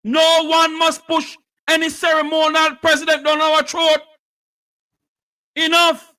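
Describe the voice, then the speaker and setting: Jamaican man, political commentator; high, piercing, slow and deliberate, fiery oratory. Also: monotone, low-quality recording. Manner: fiery, declamatory, often shouting. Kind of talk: impassioned political speech.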